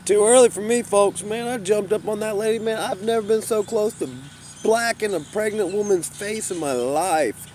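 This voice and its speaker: A man rambling in a casual vlog, swearing freely and saying "you know" constantly, and getting loud and heated when he tells a story. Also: high-pitched, moderate pace, slight background noise. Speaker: vlogger. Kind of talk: rambling casual monologue to camera.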